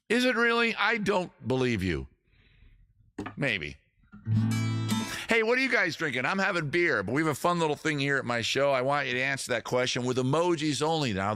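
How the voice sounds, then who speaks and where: Stream host, male, bright forceful voice, dry close sound, chatty and loose with viewers. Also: lowish voice, dry recording. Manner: chatty, reads viewer comments aloud and answers them. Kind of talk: casual live-stream chat. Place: seated at home on a rolling chair.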